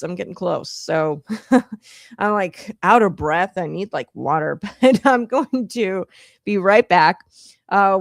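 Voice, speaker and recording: Breathy pregnant woman hosting political commentary. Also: mid-range voice, no echo, studio quality. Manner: animated, riffing, frequent fillers. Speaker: host.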